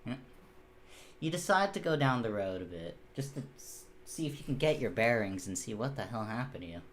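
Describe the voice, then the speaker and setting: A man's voice: medium pitch, very animated, brisk, slight background noise. A man narrating as game master of a tabletop game, casual and rambling, with fillers and the odd swear.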